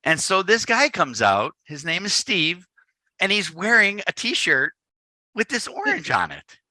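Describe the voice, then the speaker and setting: Bright-voiced man telling a story. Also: high-pitched, unhurried, no echo. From Chicago area, United States. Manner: lively storyteller who acts out the dialogue. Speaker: photographer giving a talk. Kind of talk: storytelling presentation to a live audience. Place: indoor event space.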